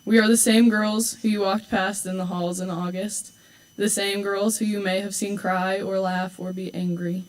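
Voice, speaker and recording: A woman's voice: mid-range voice, level tone, normal speed, few pauses, rough recording. Teenage girl giving a teasing school speech. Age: late teens. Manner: warm, teasing, with dry asides. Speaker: homecoming court candidate.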